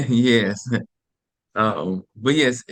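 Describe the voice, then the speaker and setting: A man's voice: mid-range voice, drawn-out words, fairly bright tone. A man, an agent asking a question on a video call, speaking hesitantly with many fillers and restarts.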